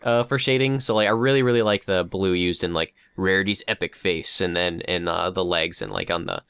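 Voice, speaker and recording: A man's voice: sits low, expressive, fairly quick, gravelly, fairly bright tone, smooth, dry recording, studio quality. A man co-hosting a casual podcast, rambling through his thoughts with many fillers. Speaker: podcast co-host discussing fan art. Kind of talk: casual chat.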